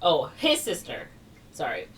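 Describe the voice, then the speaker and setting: A woman's voice: sits low, wildly swooping pitch, a little slow, a bit bright. A woman co-hosting a podcast who loosely retells a movie plot in a rambling way, with lots of "like" and laughs. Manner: rambling, filler-heavy with frequent "like" and laughs. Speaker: podcast co-host. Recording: distant mic with faint noise.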